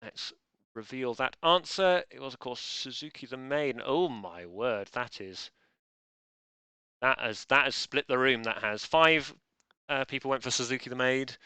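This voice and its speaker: A man hosting a relaxed quiz with a bright, forceful voice that stays smooth and crisp. He chats playfully and keeps interrupting himself with joking asides. The sound is dry and close, with little room around it. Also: mid-range voice, measured pace, dry recording. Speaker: quiz host. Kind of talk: casual live quiz hosting.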